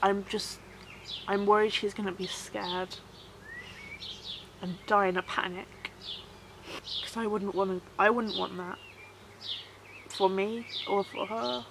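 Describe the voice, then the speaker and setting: A woman records a personal vlog outdoors, her voice soft, halting and sorrowful. She circles back on her words and repeats herself as if steadying her nerves. Clear background noise of birds and wind runs under the recording. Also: medium pitch, steady tone. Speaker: vlogger.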